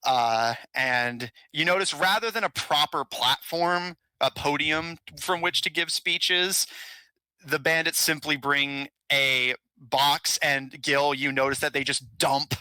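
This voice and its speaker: Male game master, very bright voice, dry close sound, casual narration full of "uh"s. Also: mid-range voice, fairly even intonation, slow pace, smooth, no echo, rough recording. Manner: casual, filler-heavy narration with frequent "uh"s.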